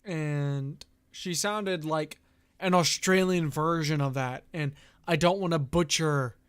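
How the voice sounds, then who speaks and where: A man's voice: fairly high pitch, takes it slowly, smooth, no echo, studio quality. A man hosting a casual live stream chat, telling a rambling story and slipping into quoted voices. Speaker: streamer host.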